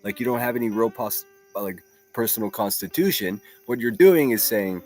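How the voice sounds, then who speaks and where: A man's voice: fairly low pitch, animated, moderate pace, few pauses, darkish tone, faint music behind. Blunt, profane man hosting a stream. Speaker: livestream commentary host. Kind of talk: casual reaction commentary.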